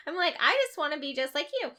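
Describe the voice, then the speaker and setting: A woman's voice: high-pitched, pushed and bright. A woman from Northern California, a mom and podcast co-host, chatting casually and laughing often. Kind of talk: casual chat.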